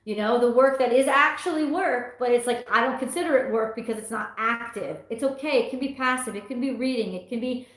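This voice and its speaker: A woman's voice: fairly high pitch, a little fast, few pauses. A middle-aged woman hosting a tarot livestream, chatting casually and reading viewer comments aloud with frequent laughs. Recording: echoey room.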